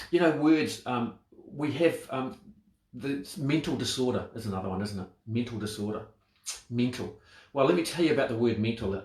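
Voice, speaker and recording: A man's voice: medium pitch, a little mellow, roomy sound. A man giving a motivational talk on self-talk, reflective and full of rhetorical questions. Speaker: speaker on mental wellbeing.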